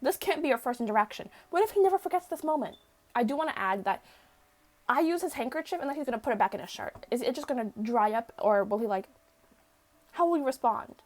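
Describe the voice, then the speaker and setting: A woman's voice: high voice, lively intonation, fast, a little mellow. A woman giving casual, incredulous and joking commentary while playing a game and reading its text aloud. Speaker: let's play gamer.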